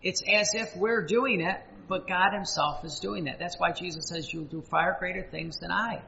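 A man preaching a sermon, emphatic and repetitive, with dramatic pauses and sudden rises. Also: high voice, creaky, pushed and bright, long reverb tail, dull audio, slight background noise.

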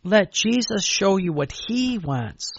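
A man's voice: high voice, big pitch swings, slow pace, slightly rough, dry recording, lo-fi sound. An older man, a priest, preaching a sermon in an anecdotal, conversational way and chanting repeated lines of prayer.

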